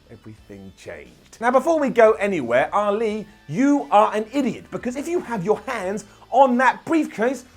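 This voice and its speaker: A young man with a high, bright-edged voice, delivering an opinionated recap in an animated, sarcastic way. Light music plays underneath his voice. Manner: sarcastic, animated, jokey asides. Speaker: wrestling show reviewer.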